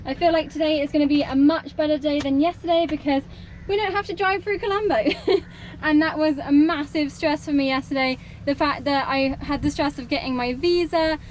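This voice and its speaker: A woman's voice: high-pitched, slight background noise. A woman talking casually to the camera on a travel vlog, chatty and bubbly. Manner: chatty and bubbly, often laughing. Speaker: travel vlogger. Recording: music loud in the background.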